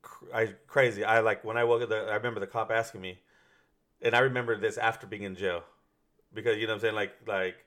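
A man's voice: fairly low pitch, fairly even intonation, quick pace, a bit bright. A man telling a long story in casual chat, rambling and swearing, with many fillers and restarts.

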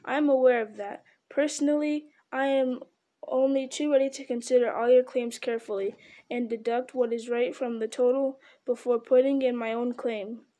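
A woman reading a storybook aloud, voicing a fussy, polite male hobbit who speaks in a prim, businesslike way, in a higher, mellow voice. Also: fairly even intonation, moderate pace, lightly acted.

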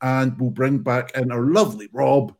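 A man hosting a casual online comedy show, relaxed and joking as he wraps up a round. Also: medium pitch, normal speed, vocal fry. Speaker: show host. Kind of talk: casual live-stream chat.

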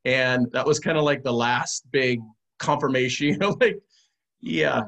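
A man's voice: mid-range voice, measured pace, vocal fry, fairly bright tone. A man, a podcast guest, telling an earnest story in casual conversation, bringing it to life with quoted dialogue.

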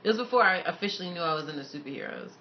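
A woman co-hosting a casual chat about movies and TV, slangy and playful, with loud laughter. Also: fairly low pitch, expressive, rapid-fire, lo-fi sound, a little hiss or hum.

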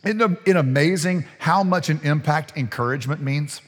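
A male pastor gives a relaxed, conversational sermon, circling back on his words and chuckling along the way. His voice sits a little high for a man. The sound rings with a long reverb from a large church sanctuary. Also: moderate pace. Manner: conversational, folksy preaching with laughs and restarts.

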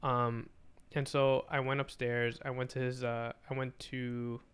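A man's voice: medium pitch, little pitch movement, measured pace, a bit bright, clean tone. A young man, a podcast guest, telling a story in casual chat, swearing often and acting out dialogue.

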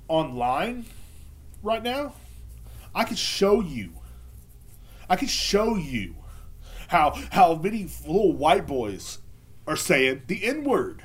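A man's voice: high-pitched, breathy edge. Profane rambling male podcast host. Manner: profane, rambling, full of fillers. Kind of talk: casual rant.

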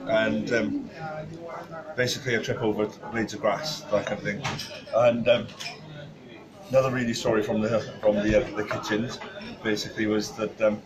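A man's voice: on the low side, level tone, normal speed, a crowd in the background, low-quality recording. A man, a chef guest on a podcast, telling stories casually with many fillers and restarts. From Wales.

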